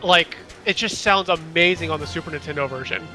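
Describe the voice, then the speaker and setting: A man's voice: on the high side, a little fast, music in the background. A young man streaming a shooter game, chatting casually with friends and swearing at his teammates. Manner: swearing, reacting to gameplay. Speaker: streamer playing an online shooter. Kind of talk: casual gaming chat.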